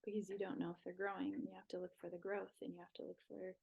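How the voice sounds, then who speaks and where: A young woman, a podcast guest, talking in a relaxed, reflective way about faith and new motherhood. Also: lowish voice, quick pace, gravelly, breathy edge, phone-quality sound. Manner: reflective, talks with her hands. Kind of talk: casual faith talk.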